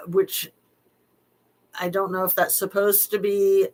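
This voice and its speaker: A woman's voice: medium pitch, monotone, slow, a little mellow, rough recording. Wry middle-aged woman commentator. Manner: wry, skeptical asides with frequent fillers. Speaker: true-crime commentator. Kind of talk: casual commentary while reading text messages aloud.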